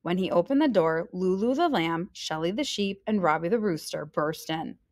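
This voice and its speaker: A woman reads a children's picture book aloud to young listeners. Her pitch swings widely and brightly as she leans into each line. She slips into little voices for the animals as she goes. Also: normal speed. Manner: lively, expressive reading with voices. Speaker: teacher reading aloud. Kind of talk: storybook read-aloud.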